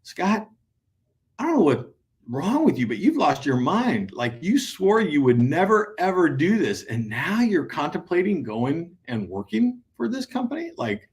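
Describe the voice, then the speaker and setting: A man voicing a wife who bluntly tells her husband he has lost his mind, in a higher voice than his own. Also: very animated, measured pace, darkish tone. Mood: exasperated. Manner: blunt, incredulous.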